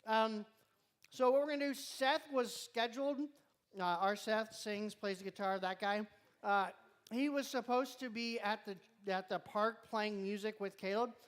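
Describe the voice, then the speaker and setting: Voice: mid-range voice, a little slow. A youth group leader giving rambling, joking announcements to students in a church youth room, sometimes talking while chewing. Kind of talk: casual live-stream announcements to a youth group.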